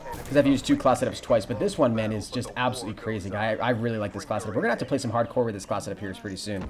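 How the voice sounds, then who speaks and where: A young man commentating his live game stream, greeting viewers and answering chat in an excitable, casual way. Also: fairly low pitch, racing, a crowd in the background. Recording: music playing behind.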